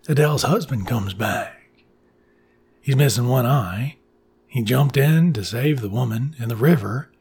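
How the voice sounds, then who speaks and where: A man talks his way through an old movie's plot in a casual, rambling recap, swearing freely as he goes. His voice is deeply husky and breathy, with a steady gravelly fry in it, sitting at an ordinary middle pitch. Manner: loose, profane, rambling retelling.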